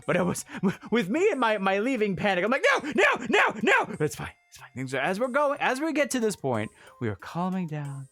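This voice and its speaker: Lively man telling a story on stream. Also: high voice, brisk, hardly any pauses, no room sound. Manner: animated, laughs often, breaks off to answer chat. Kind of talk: casual livestream storytelling.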